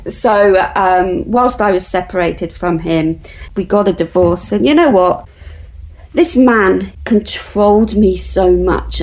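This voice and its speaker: A woman's voice: lowish voice, vocal fry, darkish tone, rough recording. A woman, a guest in an interview, telling her story in an earnest, faith-driven way.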